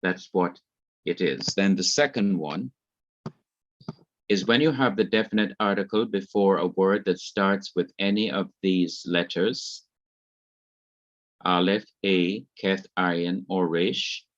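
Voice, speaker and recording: Slow, deliberate male Hebrew teacher. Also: sits low, dry recording, lo-fi sound. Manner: deliberate, repeats key points. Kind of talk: slow classroom explanation.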